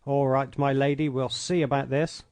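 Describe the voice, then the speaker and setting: A man reading an audiobook, voicing a hot-tempered English gentleman who blusters and makes demands. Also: mid-range voice, little pitch movement, normal speed, clear, resonant tone, no room sound, clean studio sound, natural voice. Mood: angry. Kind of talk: audiobook character voice.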